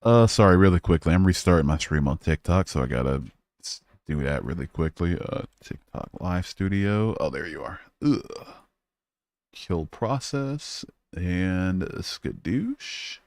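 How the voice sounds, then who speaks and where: Low-voiced man hosting a casual livestream. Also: expressive, moderate pace, a little mellow, no echo, studio quality. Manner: casual and profane, reading chat aloud. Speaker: livestream host. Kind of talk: casual live-stream chat.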